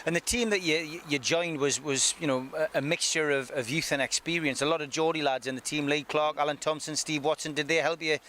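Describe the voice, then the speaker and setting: A man presenting a football show, interviewing a guest and briskly plugging upcoming events. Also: fairly high pitch, fairly even intonation, sharp tone, slight background noise.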